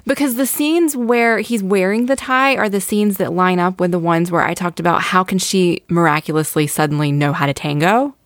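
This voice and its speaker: A woman's voice: lowish voice, moderate pace, hardly any pauses, dry recording, studio quality. A woman in casual podcast chat, recapping a TV episode with enthusiastic, self-deprecating talk.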